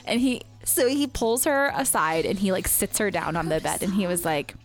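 A woman in her thirties co-hosting a podcast, telling family stories in casual chat, quoting people with lively voices and laughing often. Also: mid-range voice. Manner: chatty storyteller, animated quoting, laughs often. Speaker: podcast co-host.

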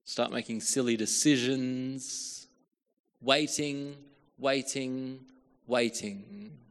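A man delivers a storytelling sermon at an ordinary middle pitch. He acts out little quotes, moving from hushed asides to loud calls. A long hall reverb trails every phrase. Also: fairly even intonation, very slow, clear, resonant tone. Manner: storytelling with acted-out quotes, shifts from hushed to calling out. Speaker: preacher.

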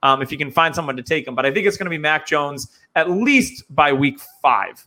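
A man's voice: a little high, lively intonation, brisk, bright, forceful tone. A man from New Hampshire hosting a casual podcast, chatty and upbeat. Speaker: podcast host.

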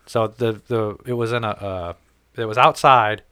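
A man's voice: on the low side, moderate pace, sharp tone, clear, resonant tone, dry recording. A man in casual conversation, telling a long story in a rambling, self-correcting way and swearing freely.

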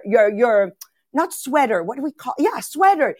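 A woman in her fifties hosts a motivational talk podcast, speaking in a chatty, bubbly way. Her voice sits somewhat high, and it comes through dry and close on a video call mic with no room sound. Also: big pitch swings, moderate pace, a little mellow, no room sound. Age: 50s. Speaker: host.

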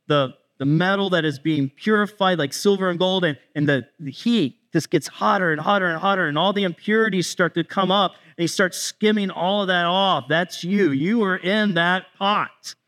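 A male pastor giving a conversational sermon. He talks straight to the congregation, kids included, and acts out bits of dialogue in quick asides. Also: high-pitched, fairly bright tone. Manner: speaks directly to kids in the congregation.

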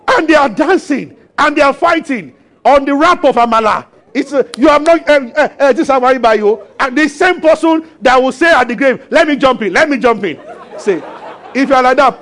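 A man preaching a sermon as pastor, animated and acting out voices. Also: very high-pitched, moderate pace, some chatter behind. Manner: animated, acts out voices and laughs with the congregation.

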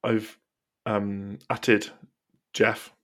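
A young man co-hosting a casual podcast, chatty and quick to laugh at his own ideas. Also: lowish voice, little pitch movement, fairly bright tone. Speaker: podcast co-host. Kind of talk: casual chat.

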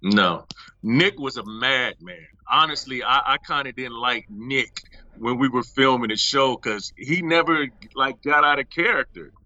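Being interviewed, an actor tells stories from a shoot in a casual, animated way, acting out quotes and laughing often. His voice is medium-pitched and unhurried, and the recording is dry and muffled.

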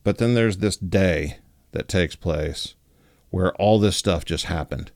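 A man hosting a podcast, telling a story in a relaxed, casual way with lots of filler words. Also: low-pitched, slow pace, dry recording, studio quality. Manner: relaxed, many fillers like 'like' and 'you know'. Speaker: podcast host.

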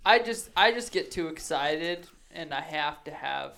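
A man talks in a casual podcast chat, his voice gravelly and a bit bright. He mostly cuts in with short agreeing remarks and a few thoughts of his own. He sits a little above the usual male pitch. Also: lively intonation, unhurried. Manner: brief agreeing interjections.

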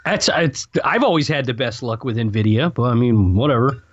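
A man's voice: mid-range voice, lively intonation, moderate pace. Laid-back male co-host, lo-fi audio. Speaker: podcast co-host. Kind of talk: casual podcast chat. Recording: dull dry lo-fi audio.

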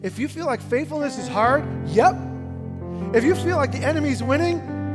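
A man with a high voice preaches a sermon, emphatic and conversational, dropping to a hush on key phrases. His voice rings with a long hall reverb, and music plays clearly underneath. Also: animated, normal speed. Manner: emphatic, swings from loud to hushed. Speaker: pastor.

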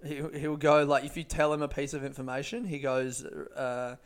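A man's voice: mid-range voice, fairly even intonation, moderate pace. A young man rambling through a personal childhood story in casual, profane chat, often laughing as he talks.

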